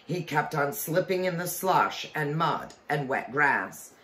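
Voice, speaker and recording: A man reading a children's storybook aloud with expression, pausing to explain the story to listeners. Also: on the high side, lively intonation, bright, forceful tone. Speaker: reader.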